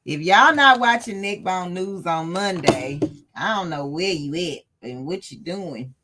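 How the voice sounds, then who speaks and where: A woman's voice: fairly low pitch, expressive, unhurried, pushed and bright, slight background noise. A woman hosting a casual livestream sewing lesson, chatty and laughing often as she talks to her live chat. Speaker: sewing tutorial host.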